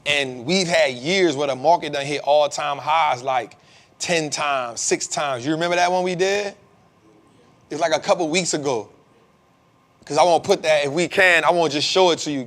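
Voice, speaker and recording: A man's voice: on the high side, normal speed, a bit bright. A man hosting a live investing show, answering viewer questions in laid-back slang with many fillers. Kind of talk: casual live-stream Q&A.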